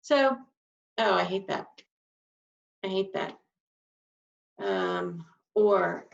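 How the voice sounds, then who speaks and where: A medium-pitched woman with lively intonation and some vocal fry talks extremely slowly, pausing often. Teaching sign language to a live class, she explains signs and demonstrates emotions by acting them out vocally. It's captured by a distant mic, sounding dull and lo-fi.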